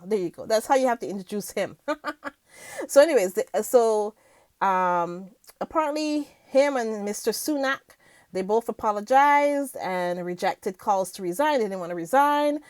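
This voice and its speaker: Chatty giggly woman vlogger, lively pitch. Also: normal speed, no room sound. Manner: chatty, giggly, lots of fillers. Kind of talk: casual news chat to viewers.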